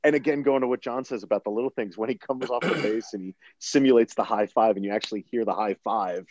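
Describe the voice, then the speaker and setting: A man in casual chat, telling stories in an animated way, laughing often and swearing freely. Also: on the low side, fast. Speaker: podcast co-host discussing a film. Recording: dry, slightly dull recording.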